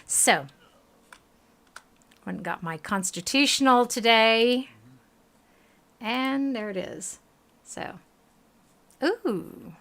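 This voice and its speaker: A woman with a Southern US accent streams a game in a casual, chatty way, reading the game's text aloud. Her voice is bright, with lively pitch swings, and she sounds tired. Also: extremely slow, pauses often.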